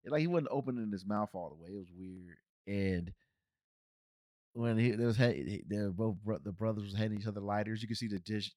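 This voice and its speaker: Recorded dry and at studio quality, a Cincinnati-born man talks movies on a laid-back podcast he hosts by himself. His speech meanders with frequent restarts and filler words, and his pitch rises and falls animatedly.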